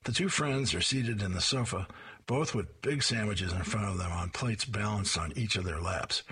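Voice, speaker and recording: A man's voice: lowish voice, moderate pace, fairly bright tone, slightly rough. A man describing and reading comic strips aloud in a plain, descriptive way.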